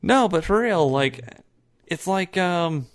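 A man's voice: high-pitched, slow pace. A man co-hosting a podcast, chatting casually with lots of swearing and filler words. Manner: swearing, animated, hesitant with fillers. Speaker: podcast co-host. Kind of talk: casual chat.

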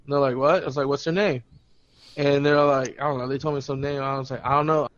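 A man's voice: medium pitch, fast. Young male podcast co-host, laughing and cursing through a story, muffled lo-fi sound. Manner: profane, laughing, animated retelling with quoted voices. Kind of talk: casual storytelling chat. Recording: dull lo-fi podcast audio.

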